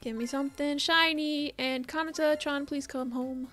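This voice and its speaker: A woman's voice: high-pitched, steady tone, normal speed, a bit bright, faint music behind. A woman doing casual commentary on her game pulls, chatty, begging for good luck and swearing when it fails. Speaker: gaming YouTuber. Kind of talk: casual gacha pull commentary.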